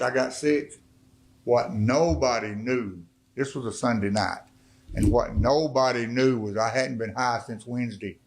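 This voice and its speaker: A man's voice: mid-range voice, low-quality recording. Male guest speaker, middle-aged, folksy testimony-style preaching, mid-range voice. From Arkansas. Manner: folksy storytelling, swelling to impassioned preaching. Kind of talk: testimony sermon.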